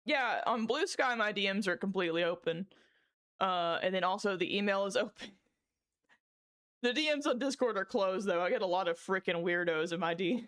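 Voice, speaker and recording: A woman's voice: mid-range voice, moderate pace, a bit bright. A woman livestreaming from a small room at home, chatting casually with viewers, giggling breathlessly and swearing freely between lines.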